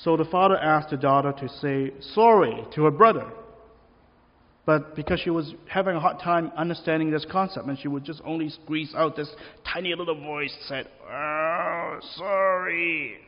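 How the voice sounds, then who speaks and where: A man's voice: fairly high pitch, fairly even intonation, normal speed. A man preaching a sermon in an easy, conversational way, asking the listeners questions. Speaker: pastor. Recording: long reverb, dull lo-fi sound.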